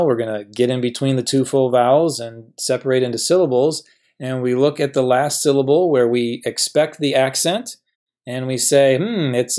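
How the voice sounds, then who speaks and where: A male professor explains a grammar lesson at a steady, even pitch. He works through each example patiently and poses questions he then answers himself. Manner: patient, asks and answers his own questions.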